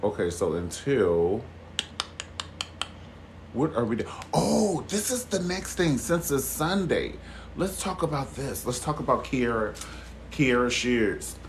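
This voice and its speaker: Male stream host, sassy and expressive, very lively pitch, casual gossip with his viewers. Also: takes it slowly, a little hiss or hum. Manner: sassy and expressive, calls listeners honey and baby; swears freely and laughs loudly. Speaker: host of a live chat stream.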